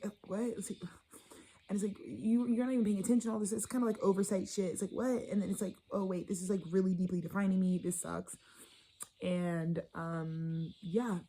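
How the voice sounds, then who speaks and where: A woman's voice: lowish voice, warm tone, slight background noise, rough recording. A woman giving a casual tarot reading, blunt and profane, rambling and sometimes dropping into a whisper. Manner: drops into whispers. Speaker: tarot reader.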